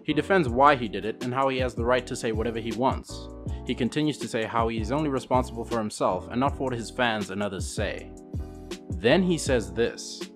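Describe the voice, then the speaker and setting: A man giving scripted narration for a video compilation in a plain, even manner. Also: mid-range voice, brisk. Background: guitar music.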